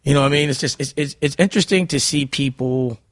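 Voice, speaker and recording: This interview guest from Harlem, New York, speaks fast at medium pitch with no room sound. In a casual setting, his storytelling is blunt and heated, peppered with "you know what I'm saying."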